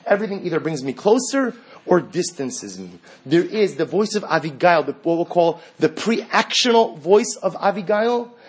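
A man's voice: on the high side, slightly rough. A man teaching a religious class, earnest and fond of rhetorical questions.

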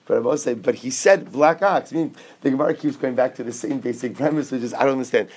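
Guy teaching talmud, mid pitch, asks himself questions, drops aramaic quotes in. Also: fast talker, darkish tone. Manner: explains step by step with rhetorical questions; mixes English with Aramaic and Hebrew quotes. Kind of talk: Talmud class lecture.

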